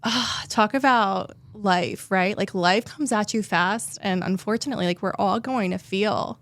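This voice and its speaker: A woman's voice: medium pitch, a little slow. Heartfelt woman telling a personal story. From New Jersey. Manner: heartfelt, tearful at moments, many "like" fillers. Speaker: therapist guest.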